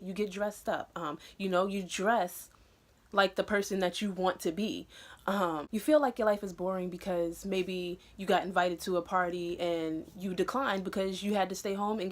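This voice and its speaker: Earnest young woman giving vlog pep talk. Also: mid-range voice. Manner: earnest and encouraging, many "um" and "you know" fillers; animated and excitable in bursts. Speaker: vlogger. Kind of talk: casual motivational vlog talk.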